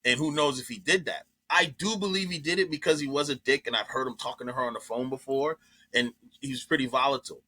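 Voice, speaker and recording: A comedian guest telling a story in casual chat, profane and animated, jumping into other people's voices as he goes. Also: medium pitch, fast.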